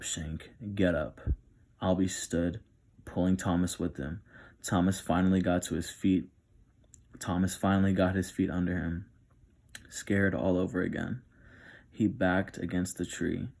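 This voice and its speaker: A man reading a novel aloud in a soft, steady ASMR style. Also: low voice, normal speed, creaky, slightly rough. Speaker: narrator.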